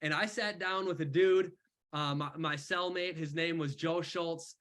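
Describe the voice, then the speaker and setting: A young man mentoring on an online call, telling his story in casual, animated talk full of slang. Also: fairly high pitch, unhurried. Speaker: mentor speaker.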